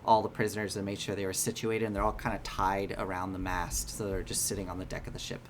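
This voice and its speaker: A man's voice: deep voice, level tone, fast, a little hiss or hum. A man narrating a tabletop game as game master, descriptive and full of fillers.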